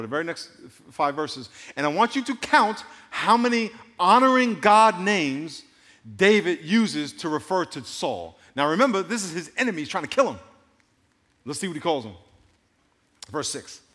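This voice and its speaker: A pastor from New York preaching a sermon, swinging between hushed asides and emphatic outbursts, and slowing down to stress scripture readings. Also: male voice, a little high, sing-song. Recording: long reverb of a large hall.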